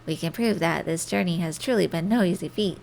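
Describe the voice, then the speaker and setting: A woman's voice: fairly low pitch, brisk, gravelly, a little mellow, a little hiss or hum. A woman reading the lines of an earnest young messenger in a game, speaking formally and from the heart.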